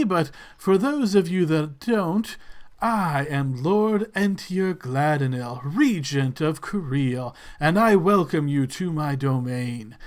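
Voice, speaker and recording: Pompous lord regent, booming and high-pitched, slow and stately, played by a man. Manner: grand, drawn-out proclamations. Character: pompous male noble regent hosting a tournament.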